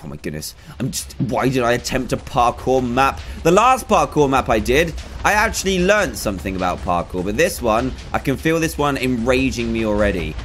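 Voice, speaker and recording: A young man, giving excitable let's play commentary and groaning at failed jumps. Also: mid-range voice, normal speed, few pauses, faint music behind. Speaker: gaming YouTuber.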